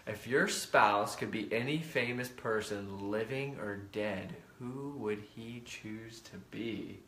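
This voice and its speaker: A man's voice: fairly low pitch, takes it slowly, fairly bright tone, reverberant, a little hiss or hum. A middle-aged man co-hosting a couples quiz game, joking and boastful, reading out the questions. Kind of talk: casual chat.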